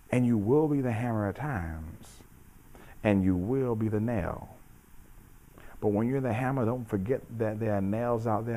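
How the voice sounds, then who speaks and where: A middle-aged man and judo coach giving a reflective motivational talk, measured and preacherly, repeating phrases for emphasis. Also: on the low side, warm tone.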